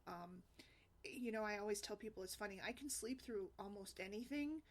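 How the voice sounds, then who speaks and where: Woman vlogger, chatty storyteller, loose and rambling, quick to laugh. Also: mid-range voice. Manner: chatty, rambling, laughs often, many fillers. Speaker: single mom blogger. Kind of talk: casual personal storytelling.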